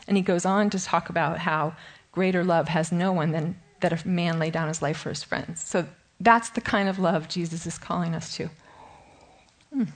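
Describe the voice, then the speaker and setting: A woman's voice: lowish voice, moderate pace. A middle-aged woman giving a casual, self-deprecating Bible study talk, laughing often and a bit shaky with nerves. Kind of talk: informal teaching talk.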